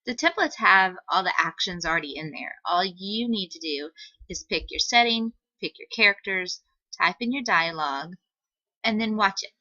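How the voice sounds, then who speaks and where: A woman teacher giving a patient, step-by-step screen-recorded software tutorial on a computer microphone, with "um" fillers. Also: mid-range voice, expressive, moderate pace, no echo, muffled recording.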